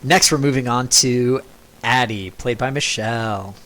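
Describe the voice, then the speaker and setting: A man's voice: mid-range voice, measured pace, a bit bright. A man hosting a live tabletop game stream as game master, upbeat and teasing.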